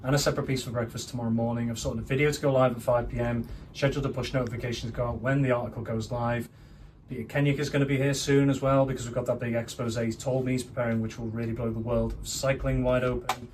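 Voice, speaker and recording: A man's voice: mid-range voice, little pitch movement, fast talker, darkish tone, recorded from a distance, slight background noise, low-quality recording. A man in a comedy mockumentary rattling off a self-important rundown of his work as a news reporter.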